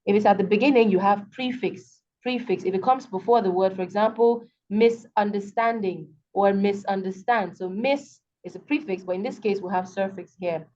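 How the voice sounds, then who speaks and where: In a darkish, mid-range voice at moderate pace with few pauses, a Nigerian-accented woman teaches an English class over video call. She patiently repeats words to show stress, using frequent fillers and "okay" checks, and the recording sounds dull and lo-fi.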